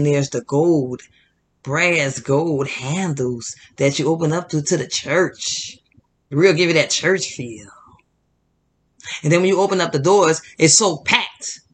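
A man delivers fired-up religious commentary, repeating himself for emphasis and calling out to his viewers. His voice sits high and rings bright. He speaks at an unhurried, deliberate pace. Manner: fired-up, preachy, addresses audience as "y'all"; emphatic repetition. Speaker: Christian commentary host.

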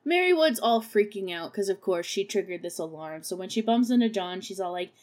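A woman's voice: medium pitch, expressive, normal speed. A young woman hosting a podcast, recapping a horror musical in a casual, sarcastic way, swearing freely and laughing at her own jokes. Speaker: podcast host reviewing a film.

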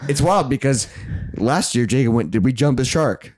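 A man's voice: mid-range voice, expressive, moderate pace, no echo, clean studio sound. Young man hamming up a podcast rant. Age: young adult. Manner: mock-dramatic, swings from ranting to hushed. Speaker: podcast co-host. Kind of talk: casual comedic podcast banter.

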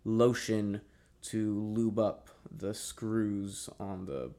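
A man's voice: fairly low pitch, level tone, extremely slow, mellow. A young man telling a story in casual chat, rambling and swearing, with lots of fillers. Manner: rambling, profane, many fillers.

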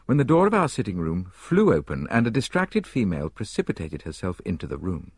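A man reads an audiobook in a measured, expressive manner. His low voice moves lively up and down, with a husky edge, in a dry, close recording. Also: no echo. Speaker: narrator. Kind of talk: audiobook narration.

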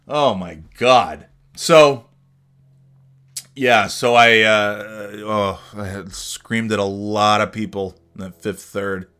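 A man's voice: on the low side, slow, a bit bright, clean tone. A man hosting a solo podcast, ranting in a rambling, profane way with frequent restarts. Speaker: podcast host. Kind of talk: casual solo podcast monologue.

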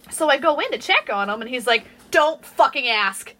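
A woman co-hosting a podcast, telling workplace stories in casual chat, swearing freely. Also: high-pitched. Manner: profane, storytelling, lively. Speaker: podcast co-host.

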